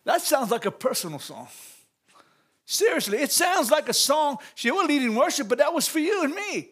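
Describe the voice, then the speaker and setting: High-voiced, exuberant preaching man. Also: sing-song, normal speed. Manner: call-and-response preaching, exuberant, laughing, shouting. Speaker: pastor. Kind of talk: sermon. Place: church.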